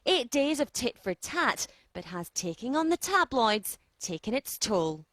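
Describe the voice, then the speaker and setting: A woman's voice: a little high, sing-song, unhurried, a bit bright, no echo. A woman TV reporter reading a punchy, dramatic scripted news report.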